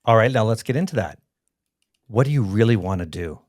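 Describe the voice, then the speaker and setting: A man's voice: fairly low pitch, lively intonation, a little fast, a little mellow, no echo. A man hosting a podcast, asking long, rambling questions and teasing his guest. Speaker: podcast host. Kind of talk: casual interview questions. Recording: dry close sound.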